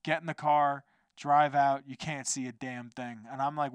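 A man hosting a podcast, telling a rambling, animated story in a casual monologue with some swearing. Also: mid-range voice, moderate pace, smooth, dry recording. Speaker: podcast host.

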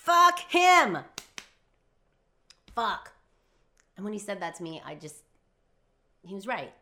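A young woman telling a personal story in an emphatic, profane monologue, swinging from hushed to shouting. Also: on the low side, brisk. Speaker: philosophy vlogger.

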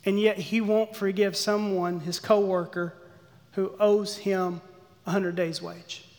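High-voiced man preaching in a reverberant hall. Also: slow. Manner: animated, acts out the servant's pleas. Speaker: pastor. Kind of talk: sermon.

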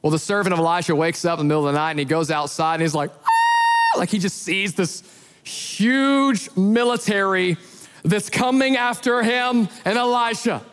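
A man who is a pastor, preaching a sermon as an animated storyteller who acts out the voices in his retellings. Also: high-pitched, moderate pace, long reverb tail.

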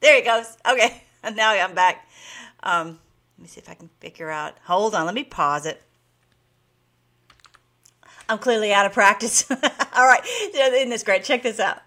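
A woman's voice: mid-range voice, animated, unhurried, pauses often, pushed and bright. A woman hosting her own video blog, chatting casually and bubbly with her viewers and laughing often. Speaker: vlog host.

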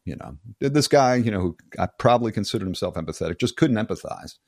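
Low-voiced, blunt, profane older man. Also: animated, fast, darkish tone, no echo, clean studio sound. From United States. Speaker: guest. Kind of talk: casual conversational interview.

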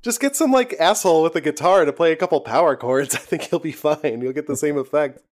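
A man's voice: on the high side, fast. A young man co-hosting a podcast, talking loosely and profanely, laughing often as he rambles. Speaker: podcast co-host. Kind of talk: casual chat.

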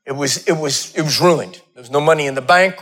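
Male pastor, high voice, dramatic sermon delivery with sudden loud and quiet moments. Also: fairly quick. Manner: dramatic storytelling, swings between loud peaks and hushed asides.

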